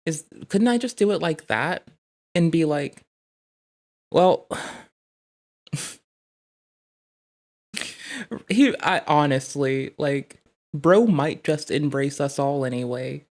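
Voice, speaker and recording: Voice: mid-range voice, slow. A streamer chatting casually on a live stream, rambling and swearing through comic stories. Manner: rambling, profane, comic storytelling. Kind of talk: casual chat.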